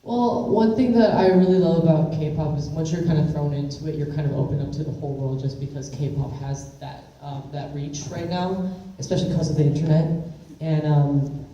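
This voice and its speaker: A woman's voice: low-pitched, fairly even intonation, normal speed, dark tone, dull audio. A woman giving chatty, giggly interview answers full of fillers, recorded from a distance in a large echoey room. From California. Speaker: interview guest. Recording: echoey room, speaker far from mic.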